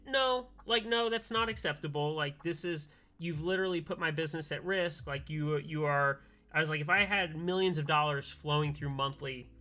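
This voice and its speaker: A man with a bright, forceful voice that sits a little high, chatting casually on a live stream. He tells a story with animation, acting out each side of the calls. Soft music plays behind him. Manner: animated storytelling, acts out both sides of calls. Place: home workbench, soldering keyboards.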